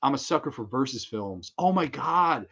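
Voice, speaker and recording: Excitable, cussing man on a livestream. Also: medium pitch, moderate pace, gravelly, breathy edge, lo-fi sound. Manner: excitable, laughs often, swears freely. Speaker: livestream host. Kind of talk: casual livestream chat.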